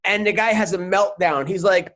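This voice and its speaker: A man from New York hosting a podcast, telling swear-laden stories about comedy gigs in a casual, animated way. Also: high voice, normal speed. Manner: swears freely, animated storyteller who acts out the people in his anecdotes. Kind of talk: casual storytelling chat.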